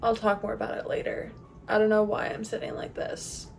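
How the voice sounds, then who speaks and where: A woman's voice: medium pitch, completely flat delivery, fairly quick, creaky, over loud music. A young woman vlogging casually about a book she is reading, chatty and self-mocking, often laughing. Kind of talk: casual chat to camera.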